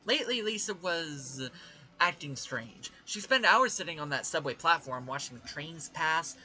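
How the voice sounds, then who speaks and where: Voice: mid-range voice, animated, moderate pace, bright, forceful tone, faint music behind. A gamer reading game dialogue aloud, voicing a blunt, morbid young female psychology student in a cool, matter-of-fact way.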